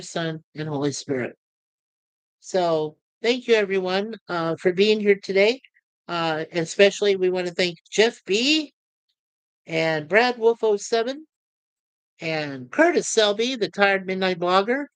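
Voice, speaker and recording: Chatty man with a smooth, dry voice. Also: high voice, no room sound. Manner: chatty and rambling. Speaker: livestream host. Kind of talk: casual livestream chat.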